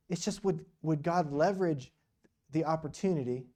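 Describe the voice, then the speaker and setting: Guy preaching at church, dark mellow voice, chatty storytelling, lots of "you know" and "right?". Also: fairly high pitch, moderate pace. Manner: conversational, full of rhetorical questions and "you know". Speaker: guest speaker at a church. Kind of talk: storytelling sermon.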